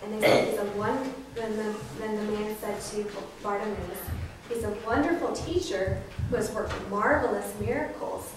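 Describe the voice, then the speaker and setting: A young woman student teacher telling a Bible story to first graders, animated, acting out voices and prompting the children. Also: a little high, normal speed. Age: young adult. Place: school classroom. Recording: echoey room from far off with noise.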